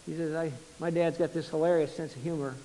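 A man preaching a sermon, retelling a story with many repeats and restarts, swinging between quiet and loud passages. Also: a little high, little pitch movement, quick pace, in a large hall, rough recording. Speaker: pastor.

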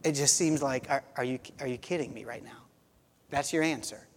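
A man's voice: mid-range voice, moderate pace. A man preaching a sermon as a pastor, conversational, often restarting phrases and saying "you know.". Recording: long hall reverb.

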